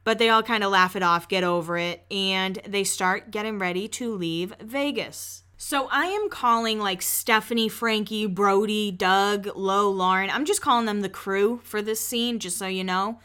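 Bright-voiced young woman recapping gossip. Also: mid-range voice, moderate pace, hardly any pauses, smooth. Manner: chatty and gossipy, with frequent "like" and swearing. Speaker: podcast host recapping a reality show. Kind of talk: casual recap commentary.

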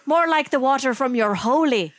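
A woman's voice: sits high, expressive, moderate pace, heavy background noise. A woman improvising a crude, swearing Irish wife who bickers with her husband in a put-on Irish accent. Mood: brash bickering. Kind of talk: improv comedy role-play.

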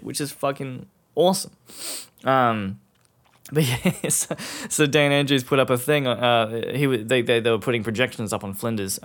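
A man's voice: medium pitch, a bit bright. A young Australian man hosting a solo podcast, rambling casually with plenty of swearing, fillers and laughs. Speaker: podcast host.

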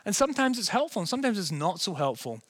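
Earnest pastor with softened Scottish accent. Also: male voice, high voice, sing-song, fast talker, slightly rough, no echo. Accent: softened Scottish, partly American. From Scotland. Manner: earnest, asks the listeners rhetorical questions. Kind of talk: conversational sermon.

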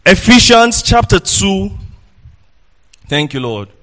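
High-voiced, animated preaching man. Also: slow pace. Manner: animated preaching with sing-song delivery; asks the congregation questions. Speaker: pastor. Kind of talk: sermon.

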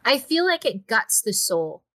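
A woman's voice: fairly high pitch, big pitch swings, a little slow, fairly bright tone, dry recording. A woman co-hosting a casual podcast about video games, talking with enthusiastic, gushing hype over a remote call. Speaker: co-host and game streamer. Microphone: remote call over Discord.

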